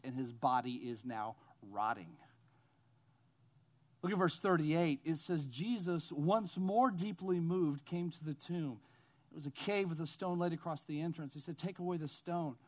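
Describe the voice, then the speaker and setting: A man preaching a sermon, retelling a Bible story with humorous asides and acting out its characters. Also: medium pitch. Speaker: pastor.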